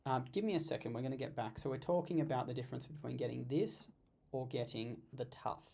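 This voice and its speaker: A man hosting a live stream of tech talk, unscripted and animated, often stumbling and restarting his sentences. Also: mid-range voice, quick pace, creaky.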